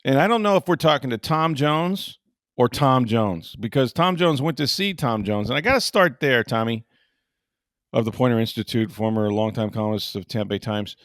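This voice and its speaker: A man's voice: mid-range voice, expressive, moderate pace, a bit bright, no room sound, studio quality. A man hosting a podcast in casual chat, chummy and full of eager interjections. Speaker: podcast host.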